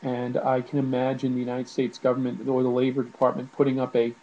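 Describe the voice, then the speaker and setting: A man's voice: medium pitch, monotone, quick pace, dark tone, muffled recording. A man giving casual spoken commentary to camera at home, irritated and ranting, with many fillers and restarts. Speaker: video blogger.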